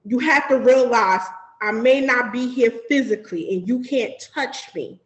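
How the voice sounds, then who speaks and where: A woman telling a personal story in casual chat, animated and profane, acting out the voices of the people in it. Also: on the high side, moderate pace, reverberant, rough recording. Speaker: podcast guest.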